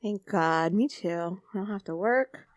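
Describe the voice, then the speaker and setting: A woman's voice: medium pitch, measured pace, no room sound, clean studio sound. A young woman co-hosting a casual podcast, telling stories bluntly and swearing freely. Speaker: podcast co-host. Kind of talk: casual chat.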